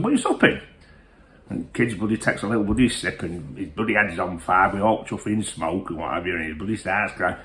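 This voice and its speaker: A man's voice: lowish voice, fairly bright tone. A man who reviews whisky and tells rambling comic stories, peppering every phrase with mild swearing.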